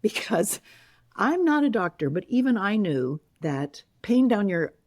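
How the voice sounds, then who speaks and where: An older woman telling her own story as an interview guest, lively and animated, laughing now and then and acting out what people said. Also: medium pitch, measured pace. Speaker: guest, heart attack survivor and author.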